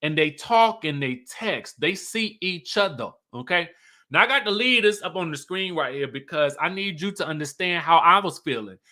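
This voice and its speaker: Man, high voice, casual gossipy recap, playful. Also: expressive, moderate pace, bright, forceful tone. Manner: sassy, playful, laughs often, quotes cast members. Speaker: show recap commentator.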